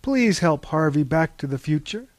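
Brief: grave, measured warrior goddess, lightly raised voice, read by a man. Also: fairly high pitch, expressive, no echo, natural voice. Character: stern wise warrior goddess, woman.

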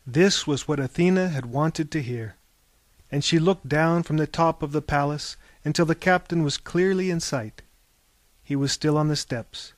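A man reading a story aloud in a measured, lyrical way. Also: a little high, no echo. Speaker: narrator.

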